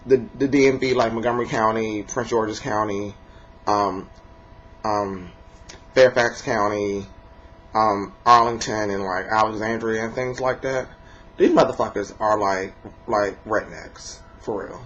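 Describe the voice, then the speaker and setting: Low-voiced rambling D.C. man, lo-fi. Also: steady tone, a little slow, fairly bright tone, a little hiss or hum. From Washington, D.C. area. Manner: rambling and profane, many fillers. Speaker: vlogger. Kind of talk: casual monologue to camera. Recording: dull lo-fi recording.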